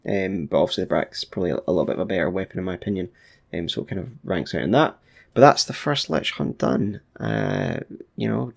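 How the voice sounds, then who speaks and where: A man's voice: lowish voice, creaky. A man casually commenting on his gameplay as a gaming YouTuber, chatty and laid-back with playful asides.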